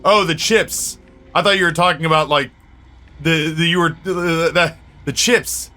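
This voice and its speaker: A man's voice: on the high side, moderate pace, pushed and bright, faint music behind. A man streaming a game and chatting casually, rambling and cracking crude jokes with his viewers. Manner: rambling, joking, crude banter with chat. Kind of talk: casual live-stream chat while gaming.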